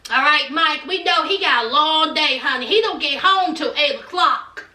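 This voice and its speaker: A woman's voice: high-pitched, normal speed, sharp tone, echoey room, far from the mic. A woman giving a sassy, casual recap of a reality TV episode, calling her listeners honey.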